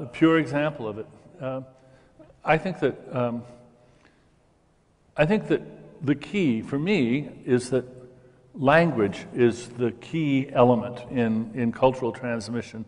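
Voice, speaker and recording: A man's voice: medium pitch, measured pace, long reverb tail. An older man in an interview, explaining ideas with enthusiasm and stammering at the start of sentences. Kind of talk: conversational interview.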